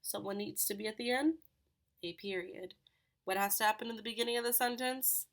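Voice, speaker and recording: A woman's voice: medium pitch, a little fast. A woman teaching a recorded grammar lesson to third graders, patient and explaining step by step with questions.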